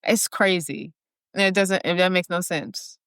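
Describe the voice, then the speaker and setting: A woman's voice: lowish voice, measured pace, fairly bright tone, clean tone, no echo, studio quality. A woman co-hosting a podcast, chatting casually about a movie with playful, jokey remarks. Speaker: podcast co-host. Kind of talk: casual movie recap chat.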